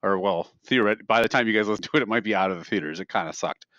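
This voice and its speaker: A man's voice: lowish voice, very fast, a bit bright, no room sound. A man co-hosting a podcast, rambling through casual funny stories and often laughing at them. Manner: rambling storyteller who laughs at his own stories. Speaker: podcast co-host. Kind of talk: casual chat. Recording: dry, slightly dull podcast mic.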